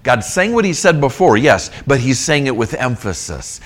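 A man preaching a sermon on scripture, emphatic, rising to near-shouts and dropping low. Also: big pitch swings, moderate pace. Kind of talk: expository sermon.

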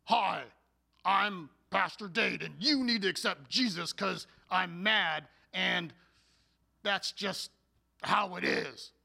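A man's voice: high voice, slow pace, vocal fry, pushed and bright, heavily acted. A man playing a grumpy male pastor who pushes faith on people, in a blunt, mocking voice. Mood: mock angry. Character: grumpy preachy male pastor, gruff and pushy.

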